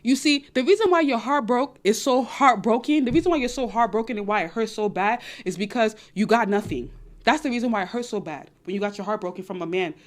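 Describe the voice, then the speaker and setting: A young woman with a high voice and a non-American English accent, chatting casually to viewers about dating. She talks in an animated, repetitive way and often slips into quoted voices. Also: fast talker. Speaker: dating advice vlogger. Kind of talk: casual advice chat to viewers.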